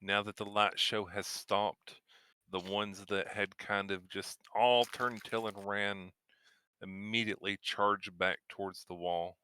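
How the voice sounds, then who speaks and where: A man running a tabletop game as game master, narrating scenes in a slow, measured way. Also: fairly low pitch, steady tone, pushed and bright, slight background noise.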